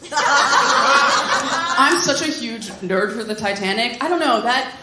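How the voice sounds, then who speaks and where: A woman comedian performing a stand-up set on a club stage, with deadpan delivery and quick asides. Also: a little high, slight background noise. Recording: roomy club sound with loud laughter. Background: audience laughter.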